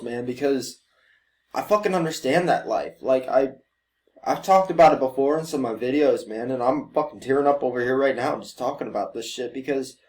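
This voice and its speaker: A man's voice: mid-range voice, darkish tone. A young man hosting a reaction video, ranting emotionally with lots of swearing and mocking impressions. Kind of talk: profane ranting commentary. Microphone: desk USB mic.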